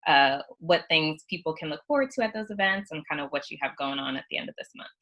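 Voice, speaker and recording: Low-pitched bright woman interviewer. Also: lively intonation, quick pace. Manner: chatty, encouraging, many likes and fillers. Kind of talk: casual conversational interview.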